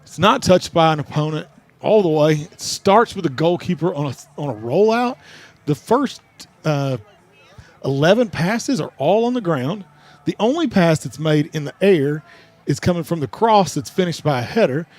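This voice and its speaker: A man's voice: a little high, lively intonation, moderate pace, darkish tone. A man giving sports commentary from a stadium press box, out of breath, talking with eager, rambling enthusiasm and frequent restarts. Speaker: color commentator.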